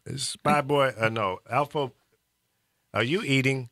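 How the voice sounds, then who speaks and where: A man's voice: mid-range voice, big pitch swings, slow, long pauses, bright, forceful tone, no room sound, studio quality. A man co-hosting a casual radio talk show, joking and teasing his co-host. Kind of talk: casual chat.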